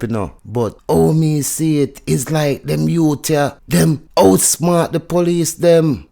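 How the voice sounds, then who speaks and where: A man's voice: fairly high pitch, vocal fry, a little mellow. A man with a Jamaican accent giving a chatty news review, mixing patois into standard English. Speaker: news commentator.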